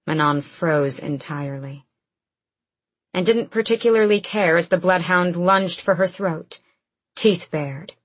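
A woman reads a fantasy audiobook in a measured, steady way. Her voice is slightly low and husky, and she keeps an unhurried pace. The recording is close and dry. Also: no echo. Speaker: audiobook narrator. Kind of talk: scripted audiobook narration.

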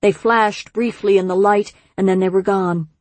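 Woman audiobook narrator, low breathy voice, calm measured storytelling, dry studio sound. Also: no room sound. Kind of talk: scripted narration.

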